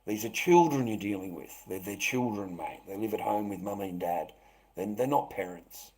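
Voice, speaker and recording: A man hosting a live stream, rambling and swearing, who swings between loud outbursts and low muttering. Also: expressive, normal speed, rough recording. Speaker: livestream host.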